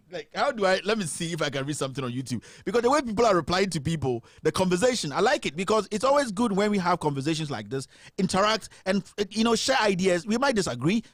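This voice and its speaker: A man with a Ghanaian accent hosts a live call-in commentary show, sarcastic and animated, and reads viewers' comments aloud. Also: a little high, no room sound, studio quality. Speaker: host.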